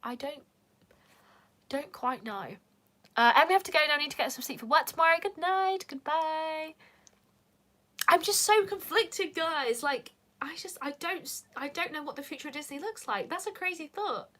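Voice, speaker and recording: Young British woman vlogger, high-ish bright voice, rambling and casual. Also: moderate pace. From United Kingdom. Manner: chatty, peppered with "like". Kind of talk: casual chat.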